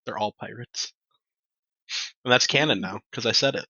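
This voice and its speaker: A man's voice: on the low side, normal speed, bright, forceful tone, breathy edge, dry recording, muffled recording. A man playing in a tabletop game, joking around playfully. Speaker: player.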